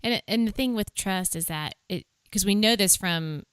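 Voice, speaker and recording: A woman hosting a faith podcast from her kitchen table, speaking in a calm, reflective, measured way. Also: medium pitch, clean tone, no echo, clean studio sound. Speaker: podcast host.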